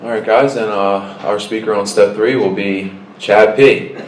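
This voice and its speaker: Meeting chair, man, low flat voice, heard from afar in a roomy space with loud noise. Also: unhurried. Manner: brief, casual announcing. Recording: distant, roomy, loud hiss.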